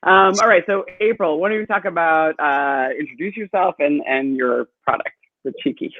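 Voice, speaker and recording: A man's voice: on the high side, moderate pace, no echo. A man hosting a live online interview, chatty and hesitant, with many fillers, speaking over a video call. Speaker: host. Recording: tinny phone-like dry sound.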